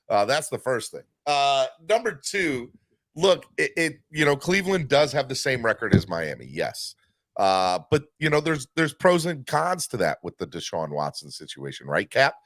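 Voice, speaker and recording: A man hosting a live sports fan podcast, talking in an animated, rambling way with many fillers. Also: mid-range voice, no echo, studio quality. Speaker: podcast host.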